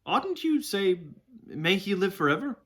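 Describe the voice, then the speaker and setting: A man's voice: a little high, animated, normal speed, fairly bright tone, husky, pitched above the performer's own voice. A man voicing an eager, earnest young runaway boy in a storybook read-aloud. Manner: eager, earnest, easily shocked.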